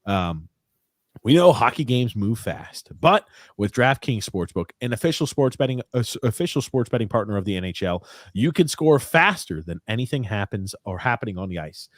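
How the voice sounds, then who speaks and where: A man's voice: on the low side, very animated, moderate pace, dry recording, clean studio sound. A young man co-hosting a casual sports podcast, reading ads and comments in a rambling, joking way with many fillers. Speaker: podcast co-host.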